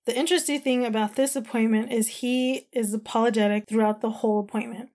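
A woman's voice: a little high, fairly even intonation, quick pace, a little mellow. A woman casually telling a personal story to camera, retelling conversations and talking with lots of "like" fillers.

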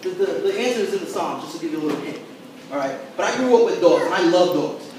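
Male pastor, high voice, lively conversational sermon, echoey hall, faint room noise. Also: fast talker. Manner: animated, conversational preaching with asides to the congregation. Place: church sanctuary. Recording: echoey church hall, mic at a distance.

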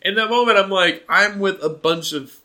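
Young man, very bright, sharp tone, animated rambling podcast storyteller. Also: sits high, normal speed. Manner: animated, rambling, laughs often. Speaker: podcast co-host. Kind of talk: casual storytelling chat.

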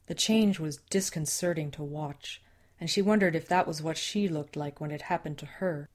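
A woman with a deep, low voice reads a fantasy audiobook. Her narration is measured and even, with a steady storytelling pace. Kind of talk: scripted narration.

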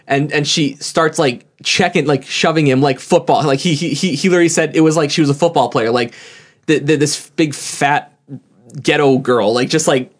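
A young man with a slightly high voice tells a story among friends. His casual chat rambles, and he keeps tripping over repeated words before he gets each thought out. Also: fairly even intonation, moderate pace.

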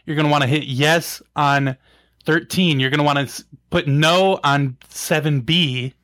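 A man's voice: fairly high pitch, steady tone, normal speed, a bit bright. A man co-hosting a podcast in casual comedic chat, laughing often and playing along.

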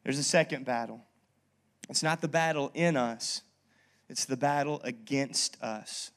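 A man preaching a sermon as pastor, talking in a casual, lively storytelling way and checking in with the congregation. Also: mid-range voice, measured pace. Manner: conversational, lively storytelling with frequent "okay?" asides. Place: church.

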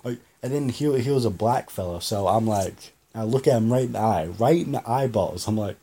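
A man's voice: on the low side, expressive, a little fast, hardly any pauses, mellow, husky. A man hosting a podcast, telling a story in a rambling, repetitive way and swearing freely. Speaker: podcast host. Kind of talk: casual storytelling monologue.

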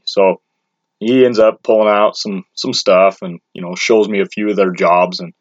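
Low-voiced man telling a rambling story. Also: fairly even intonation, normal speed, dry recording. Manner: rambling and blunt, with crude slang and many restarts. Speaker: storyteller recounting his own experience. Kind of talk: casual personal storytelling. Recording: dull lo-fi, dry sound.

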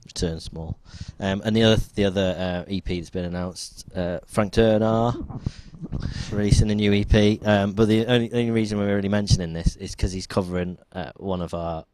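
A man's voice: lowish voice, steady tone, a little fast, darkish tone, slight background noise. A man co-hosting a casual podcast chat, steering through the topics with frequent ums and hesitations. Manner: hesitant, many ums while running the topics. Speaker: podcast co-host.

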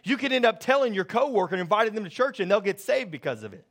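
Man, pastor, sermon, high-pitched, animated storytelling, thirties. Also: fast talker. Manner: animated storytelling, grows loud and excited.

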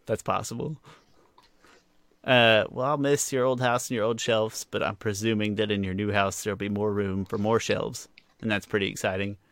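Low gravelly man, playful podcast host. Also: fairly even intonation, moderate pace, fairly bright tone, no echo. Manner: jokey, playful, laughs often. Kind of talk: casual chat.

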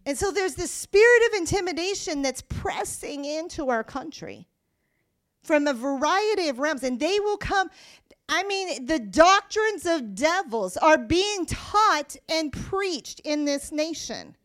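A woman preaching a sermon, emphatic and rising to forceful declarations, reading scripture aloud more quietly. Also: high-pitched, expressive, unhurried.

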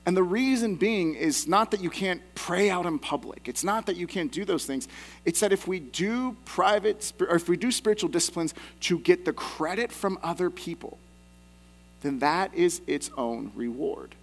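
Man, pastor, sermon, conversational, self-deprecating asides, somewhat high voice, faint electrical hum. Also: expressive, normal speed.

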